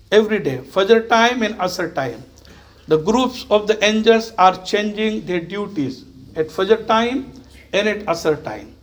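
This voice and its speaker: A man preaching an earnest sermon to his congregation. He exhorts his listeners and repeats phrases for emphasis. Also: high voice. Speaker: imam.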